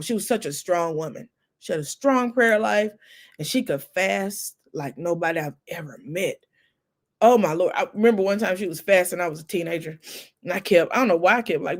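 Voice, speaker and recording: A middle-aged woman hosting a casual livestream chat, telling family stories in a warm chatty way, close to tears. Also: lowish voice, a little fast. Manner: chatty storytelling with laughs and Southern "y'all". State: near tears. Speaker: livestream host. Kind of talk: casual chat with live viewers.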